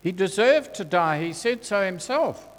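Slow man preaching in a hall. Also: sits high, expressive. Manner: earnest, slow and deliberate, dropping soft on scripture quotes. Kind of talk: sermon. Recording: long hall reverb.

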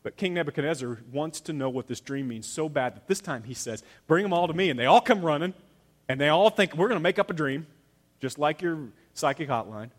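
A man preaching a sermon as a pastor, telling a scripture story with lively acted-out lines. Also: on the high side, a little fast, long reverb tail. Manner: animated storytelling, acting out characters' lines.

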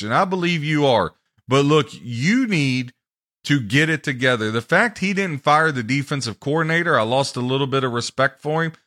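A man hosting a sports podcast, ranting and mocking teams and players in a loud, heated way. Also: medium pitch. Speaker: podcast host.

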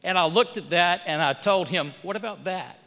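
Bright-voiced man speaking in a reverberant hall. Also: high-pitched, moderate pace, vocal fry. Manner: storytelling with rising and falling emphasis, quoting others in dialogue. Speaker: congressman speaking at a church. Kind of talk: speech.

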